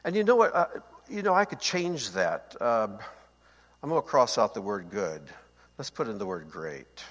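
A man with a fairly low, sing-song voice and fairly bright tone teaches the Bible while seated, keeping a moderate pace. He speaks conversationally, repeatedly asking listeners to confirm they follow, and the recording has long hall reverb.

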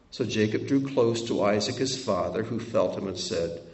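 Man teaching scripture, reads verses then chats about them, lively pitch, echoey and far from the mic. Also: normal speed, hardly any pauses. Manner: reads verses aloud with expressive asides. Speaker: Bible teacher. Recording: roomy sound from a distant mic.

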